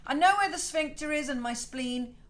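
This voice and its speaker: Middle-aged host, slightly high pitch, rambling, profane, openly emotional. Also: female voice, normal speed. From South Wales. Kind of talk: casual livestream rant.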